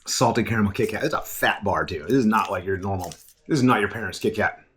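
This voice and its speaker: A middle-aged man with a fairly low voice chats his way through a snack tasting, rambling and poking fun at himself. There's a faint hum of noise behind him. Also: quick pace, fairly bright tone. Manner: chatty, rambling and self-mocking, laughs often. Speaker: food reviewer. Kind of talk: casual food-tasting vlog.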